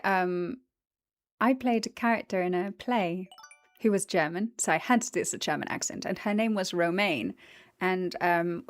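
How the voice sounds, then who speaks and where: A woman's voice: mid-range voice, no echo. A woman chatting casually on a livestream, greeting viewers, giggling, tired after the gym. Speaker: streamer.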